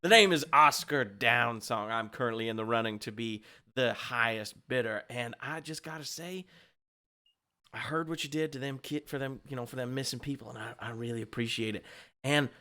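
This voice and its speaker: A man's voice: medium pitch, animated, brisk, bright, forceful tone. A man voicing a portly, friendly male egg-seller with a chummy, wheedling sales manner. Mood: schmoozing.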